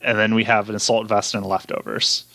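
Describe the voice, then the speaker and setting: A man's voice: lowish voice, level tone, a little fast, creaky, sharp tone, dry recording. Easygoing man hosting a dry chat. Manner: easygoing, laughs off stats, frequent fillers. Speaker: host going through poll data. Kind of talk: casual chat about game data.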